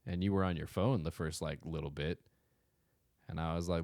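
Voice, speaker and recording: A man's voice: a bass voice, flat delivery, fast talker, darkish tone, no room sound. A man co-hosting a casual podcast chat, teasing his partner with dry humor and laughing often. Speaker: podcast co-host. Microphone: studio microphone.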